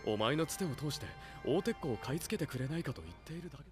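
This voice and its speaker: A young traveling merchant in an anime, calm and persuasive as he bargains. His speech is rapid and his pitch moves a lot. Soundtrack music plays behind him.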